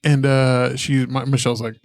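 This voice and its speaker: A man's voice: mid-range voice, level tone, moderate pace, creaky, faint music behind. A man co-hosting a podcast, telling stories in casual chat, swearing and laughing often. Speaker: podcast co-host.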